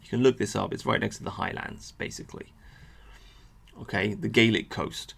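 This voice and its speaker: Gravelly man ranting about history. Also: on the low side, normal speed. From England. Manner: animated, sweary, addresses viewers with asides. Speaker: history vlogger. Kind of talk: ranting monologue to camera.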